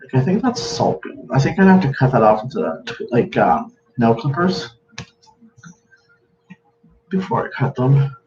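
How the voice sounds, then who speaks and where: A man's voice: mid-range voice, very animated, a little slow, pauses often, a little mellow. A man chatting casually on a home livestream, greeting viewers by name as he works at a counter. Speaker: livestream host. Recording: echoey room, dull lo-fi sound, faint hiss.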